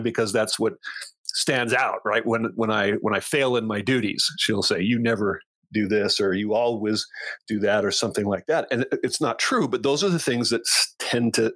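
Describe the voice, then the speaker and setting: A man's voice: fairly low pitch, fairly bright tone, no echo. A middle-aged man, a coach, explaining ideas in casual unscripted conversation with frequent restarts and repeated words. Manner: halting, many restarts, explanatory. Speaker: coach and podcast co-host.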